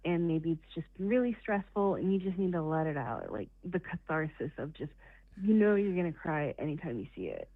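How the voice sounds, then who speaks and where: A woman's voice: low voice, very animated, moderate pace, no echo. A woman calling in to a live show, chatty and laughing between remarks. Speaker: caller. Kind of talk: casual chat. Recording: tinny phone-like call line.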